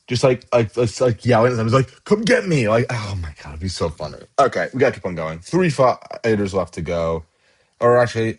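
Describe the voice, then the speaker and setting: Rambling man doing casual commentary. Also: mid-range voice. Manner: rambling, halting, lots of fillers and restarts. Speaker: channel host. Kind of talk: casual tier-list commentary.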